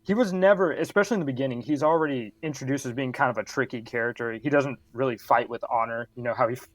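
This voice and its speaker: A man co-hosting a casual podcast, agreeable and explaining his views in a measured way. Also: medium pitch, no echo. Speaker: podcast co-host.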